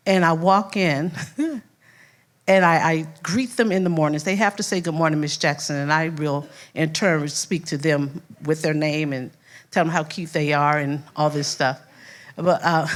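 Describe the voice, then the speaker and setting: An older woman from Louisiana with a Southern accent, a first-grade teacher giving a heartfelt speech and acting out her students' voices as she tells stories. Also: deep voice. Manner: animated storyteller, acts out voices, laughs often. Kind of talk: heartfelt speech at an awards event.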